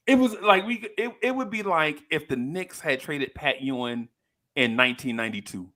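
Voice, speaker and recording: A man in his fifties, co-hosting a podcast, telling a story with lively energy and acting out the people in it. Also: on the high side, moderate pace. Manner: animated storyteller, acts out quoted people in a raised voice. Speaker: podcast co-host. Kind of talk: casual chat.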